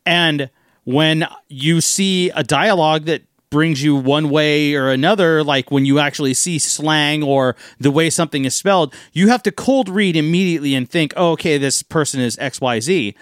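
A man's voice: a little high, moderate pace, no room sound, clean studio sound. A man co-hosting a casual podcast, chatty and a bit foul-mouthed. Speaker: podcast co-host. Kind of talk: casual chat.

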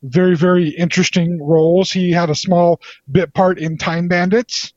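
A man with a slightly high voice hosts a casual podcast, wandering through his points with plenty of hesitations. The sound is dry and close, but dull and lo-fi. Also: level tone, normal speed, dry recording. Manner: rambling, many fillers and hesitations. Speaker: podcast host. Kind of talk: casual chat.

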